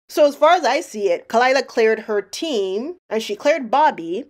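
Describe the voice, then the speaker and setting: A woman with a slightly high voice talks through clips as a mock detective. She sounds sarcastic and probing, and she builds her case point by point. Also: expressive, normal speed, few pauses. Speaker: commentary narrator.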